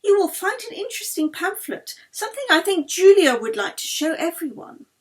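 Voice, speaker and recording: A woman voicing a gracious, gentle older baroness who lives in pain, speaking politely. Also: mid-range voice, sing-song, moderate pace.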